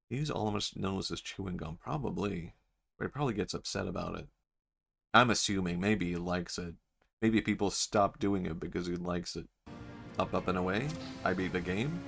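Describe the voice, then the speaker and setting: Gravelly-voiced man rambling on stream. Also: low-pitched, brisk, a bit bright, faint music behind. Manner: playful, rambling, laughs often. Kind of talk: casual gameplay commentary.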